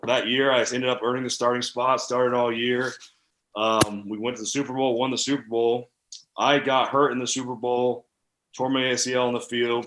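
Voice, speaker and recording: A man in his thirties, a former football player, telling candid stories from his career in a casual, animated interview. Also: medium pitch, reverberant. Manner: animated, candid storytelling with fillers. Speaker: podcast guest, former NFL tight end.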